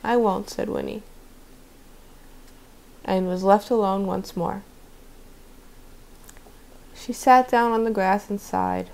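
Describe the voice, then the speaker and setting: A woman guest host reading a children's novel aloud in a steady, gentle storytelling manner. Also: medium pitch, slow, vocal fry, long pauses, low-quality recording.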